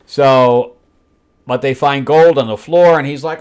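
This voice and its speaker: Brief: male host critiquing a comic, blunt and exasperated, mocking the story in quick asides. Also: medium pitch, clear, resonant tone. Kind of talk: comic book review.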